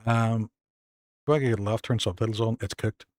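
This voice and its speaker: A Northern Irish man streaming a game live, chatting casually with viewers and thanking them, excitable and self-mocking. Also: on the low side, moderate pace, dry recording. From Northern Ireland.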